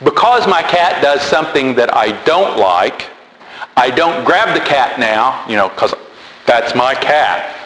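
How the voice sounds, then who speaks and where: A male preacher talks through his sermon at a slow, deliberate pace, repeating words and drifting into chatty asides. His voice rings out in a large hall with a long reverb tail, and a faint hiss sits underneath. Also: mid-range voice, expressive, fairly bright tone. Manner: conversational preaching with repetitions and asides.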